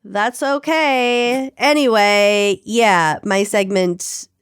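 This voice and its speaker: A woman's voice: medium pitch, steady tone, drawn-out words, clean tone, no echo, clean studio sound. A woman with a Minnesotan accent co-hosting a podcast in giggly, chatty banter, getting over a flu. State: recovering from flu. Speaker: podcast co-host. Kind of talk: casual chat.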